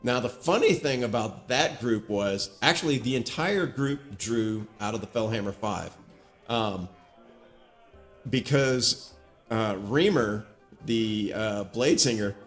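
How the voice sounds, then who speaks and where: A man's voice: fairly low pitch, slow, faint music behind. A man recapping a tabletop campaign as game master, telling the story casually with plenty of fillers. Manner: rambling storyteller with many fillers.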